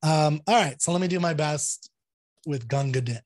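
A man with a slightly husky voice talks through his subject in a loose, chatty way. He hosts the conversation, piling up fillers like "you know" and "like" and restarting his sentences as he goes. The sound is close and dry, with no room around it. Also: a little high, moderate pace, no echo. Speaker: host presenting a poem. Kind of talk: casual chat.

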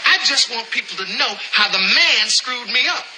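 An aggrieved self-styled revolutionary preaches with heavy emphasis on each word. His voice sits high and swings widely, under clear old-broadcast hiss. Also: lively intonation. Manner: emphatic, drawn-out street preaching. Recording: noisy old TV broadcast clip.

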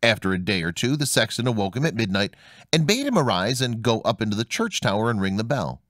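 A man reading a fairy tale aloud in a measured, expressive way as storyteller. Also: fairly low pitch, no echo, clean studio sound. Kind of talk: scripted fairy-tale narration.

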